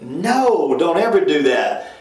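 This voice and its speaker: Emphatic folksy pastor, roomy sound. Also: male voice, lively intonation, unhurried. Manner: emphatic, folksy, rises high when mocking others. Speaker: pastor and co-host. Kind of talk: church ministry talk show. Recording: roomy echo.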